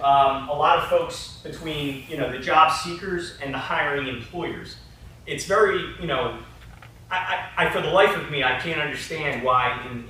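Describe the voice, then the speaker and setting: Bright-voiced man presenting in an echoey hall. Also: medium pitch, slight background noise. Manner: conversational, with frequent "you know" and "right?". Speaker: conference presenter. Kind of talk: casual conference presentation. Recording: echoey hall, picked up from a distance.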